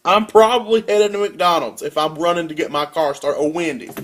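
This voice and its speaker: A young man, a college student telling a comic rant as a casual vlog with big swings in pitch and loudness. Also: a little fast. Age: young adult. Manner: animated storytelling with wide swings in pitch and loudness.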